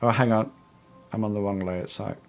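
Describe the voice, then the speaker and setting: A man narrating a tabletop role-playing game as game master, halting and full of restarts. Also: fairly low pitch, fairly even intonation, gravelly, faint music behind. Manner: hesitant, many fillers and restarts.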